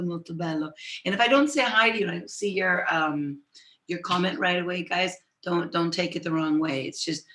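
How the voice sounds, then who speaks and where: A woman teaching Italian on a live stream, switching between Italian and English, greeting viewers and dictating phrases slowly. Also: lowish voice, a bit bright, slight background noise. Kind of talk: live-streamed language lesson. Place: home office with computers.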